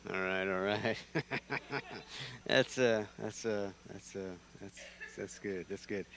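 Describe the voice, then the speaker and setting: A man from North Carolina, preaching a conversational sermon in a church, lively and prone to restarting his sentences. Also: lowish voice, takes it slowly, long pauses. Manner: animated, conversational, with repeated restarts.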